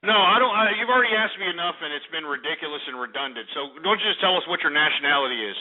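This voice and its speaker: A man's voice: fairly high pitch, lively intonation, rapid-fire. A man hosting a call-in radio show, ranting brashly and insulting his callers. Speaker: radio talk show host. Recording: narrow phone-like radio audio.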